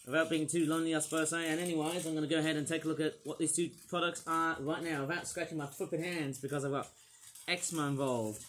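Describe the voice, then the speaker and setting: A man with a fairly high voice hosts a toy unboxing with rambling, excitable energy. His throat is slightly croaky and sore, and he fills the gaps with asides and fillers. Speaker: toy reviewer. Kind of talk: casual unboxing review.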